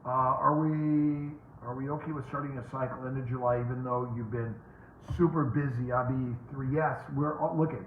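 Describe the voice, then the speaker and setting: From home, a fertility doctor hosts a casual live Q&A stream, greeting viewers by name and rambling with filler words. His mid-range voice is steady in tone and normal in pace, and the tinny, phone-like audio has roomy echo plus a little hiss or hum.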